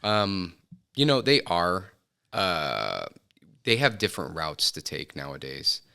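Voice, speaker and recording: Middle-aged guy on a podcast, deep voice but bright, lots of ums and restarts. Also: sing-song, takes it slowly, creaky, clear, resonant tone. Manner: reflective, hesitant with many fillers and restarts. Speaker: filmmaker guest. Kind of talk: casual interview chat. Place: podcast studio.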